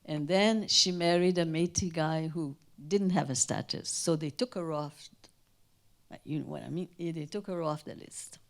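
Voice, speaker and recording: An older woman from Canada, a guest speaker telling anecdotes at a Q&A, animated and acting out the voices of people she quotes. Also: low voice, normal speed. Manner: animated, acts out quoted voices, trails off and restarts. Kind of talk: anecdotal storytelling at a Q&A. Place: town hall in front of an audience.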